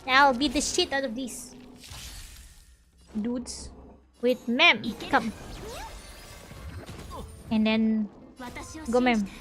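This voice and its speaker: Female streamer, high voice, animated play-by-play with faint background music. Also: extremely slow, pauses often. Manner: animated, laughing, sudden loud outbursts. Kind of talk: casual gameplay commentary, reading dialogue aloud.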